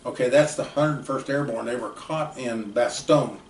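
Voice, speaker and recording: A man's voice: medium pitch, normal speed. Older man spinning rambling war stories. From United States. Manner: plainspoken, rambling, folksy grammar. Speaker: uncle telling family war stories. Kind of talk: casual storytelling. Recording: roomy, distant mic, faint background noise.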